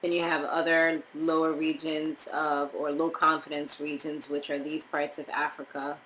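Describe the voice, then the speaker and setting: A young woman from Montserrat chatting casually as a vlogger, rambling with animated asides. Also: low voice, normal speed, slight background noise, low-quality recording. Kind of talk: casual chat reviewing DNA results.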